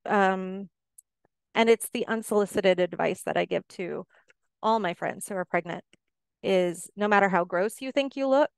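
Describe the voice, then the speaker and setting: Middle-aged woman, podcast guest, earnest and encouraging, smooth voice, dry close sound. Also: mid-range voice, dry recording. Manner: warm, encouraging, earnest advice-giving. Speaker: podcast guest, life coach. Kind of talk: casual podcast conversation.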